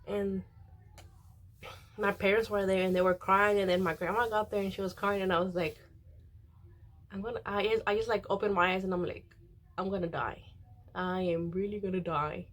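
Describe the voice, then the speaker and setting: A young woman chats casually while she does her makeup. She rambles with plenty of ums and likes and keeps slipping into quoting other people. Her pitch sits at an ordinary middle height. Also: fairly even intonation, brisk, long pauses. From Mexican. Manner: rambling, many fillers, quotes others. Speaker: beauty vlogger.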